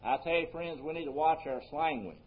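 A man's voice: a little high, steady tone, fairly quick. Earnest preaching man, muffled lo-fi sound. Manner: earnest preaching, rising emphasis then dropping soft. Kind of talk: sermon. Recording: muffled lo-fi recording.

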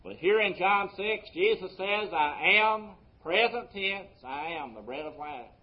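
A man pastor preaching a sermon, his voice swelling on key words and dropping low between them. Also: animated, measured pace, lo-fi sound. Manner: preaching with sweeping rises and drops in loudness.

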